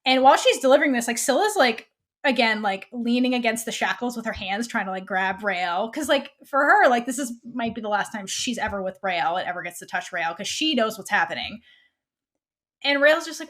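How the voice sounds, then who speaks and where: A woman co-hosting a fan podcast, retelling a TV episode in a casual, animated way and quoting the characters' lines. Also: on the high side, normal speed. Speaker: podcast co-host.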